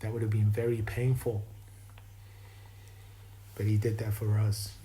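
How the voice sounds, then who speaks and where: A man's voice: on the low side, level tone, measured pace, warm tone, a little hiss or hum, low-quality recording. A man with a self-described imperfect East Coast American accent, giving a rambling spiritual monologue and often stopping to restart his sentences. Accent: East Coast American, self-described as not perfect. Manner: meandering and reflective, with frequent restarts.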